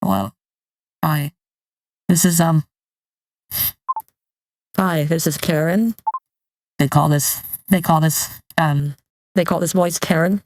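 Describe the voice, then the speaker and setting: Dude through a voice changer as slow halting ai woman, kinda far off. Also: a little high, pitched above the performer's own voice. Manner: halting, repeats itself. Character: woman named Karen, AI voice-changer voice.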